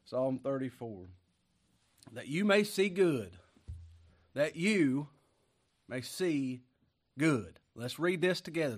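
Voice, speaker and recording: A pastor preaching a folksy sermon while sick with a cough and short of breath, moving from quiet musing to loud emphatic lines. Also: male voice, mid-range voice.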